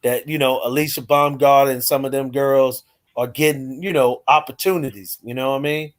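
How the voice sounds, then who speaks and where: A man's voice: medium pitch, fairly even intonation, moderate pace. A man co-hosting a casual chat, rambling with many filler phrases.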